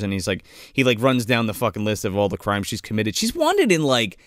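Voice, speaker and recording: Profane, rambling man with lively pitch. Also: brisk, no echo, clean studio sound. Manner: profane, rambling, laughs often. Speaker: podcast co-host. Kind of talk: casual movie podcast chat.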